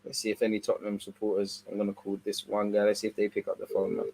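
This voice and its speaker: A young man giving casual, slangy live football commentary, swinging between excited outbursts and low mutters. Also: fast talker, slight background noise. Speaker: watch-along streamer.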